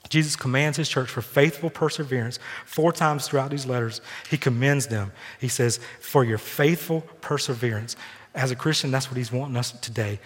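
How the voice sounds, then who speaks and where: A man in a church sanctuary preaching a sermon as pastor, earnest, with lively personal storytelling. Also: mid-range voice. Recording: long reverb from a large hall.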